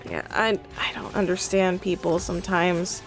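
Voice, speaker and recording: A woman streamer chatting casually over her gameplay, breaking into excited outcries now and then. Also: lowish voice, normal speed, faint music behind.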